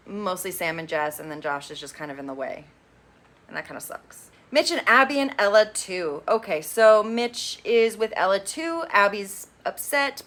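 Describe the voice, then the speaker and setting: A woman casually recapping a reality show, with sassy opinionated asides and quick quoted impressions. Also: medium pitch, a bit bright.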